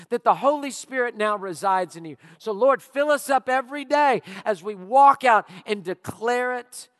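A male pastor preaching a sermon, telling stories with animated, drawn-out emphasis. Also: high voice. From Louisiana. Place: church auditorium. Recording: long reverb of a church hall.

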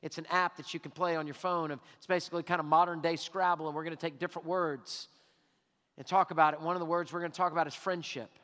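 A man preaching a sermon as pastor, emphatic and drawing out his words with pauses. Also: fairly high pitch, fairly even intonation, bright, forceful tone. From Texas. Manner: emphatic, with long drawn-out pauses. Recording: hall reverb.

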